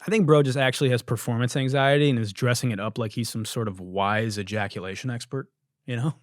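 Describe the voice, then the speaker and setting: A man's voice: medium pitch, fast, no room sound, studio quality. A young man hosting a comedy podcast, riffing on viral videos in a casual, profane, laughing way. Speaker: podcast host.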